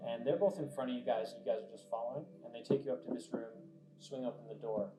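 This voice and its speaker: A man's voice: mid-range voice, fast. A man narrating a tabletop game as game master, casual with many fillers, in an echoey lo-fi recording. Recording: echoey lo-fi room with faint music.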